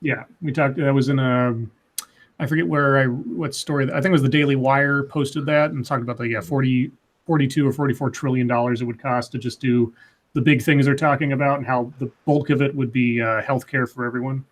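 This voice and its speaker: A man's voice: mid-range voice, steady tone, fairly quick. A man co-hosting a casual livestream chat, reading out viewer comments, blunt and swearing freely, often trailing off and restarting sentences.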